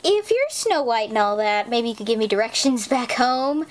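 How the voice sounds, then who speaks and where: A woman voicing a blunt, skeptical woman sheriff in a homemade parody sketch, flat and dismissive. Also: a little high, normal speed, pitched below the performer's own voice, close to an everyday voice. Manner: flat, dismissive, calls the boy kid.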